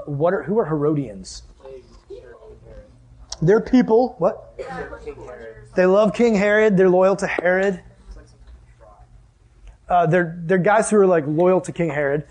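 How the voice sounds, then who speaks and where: A young man preaching a sermon as a youth pastor, animated, acting out scenes and asking the audience questions. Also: fairly high pitch. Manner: animated, acts out scenes with sudden exclamations and laughs.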